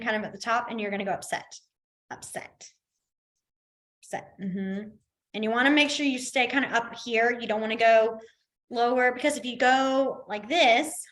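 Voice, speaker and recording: A woman's voice: on the high side, fairly bright tone. A woman teaching a beginners' class in a casual, chatty way, explaining with everyday examples and laughing easily. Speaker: sign language instructor.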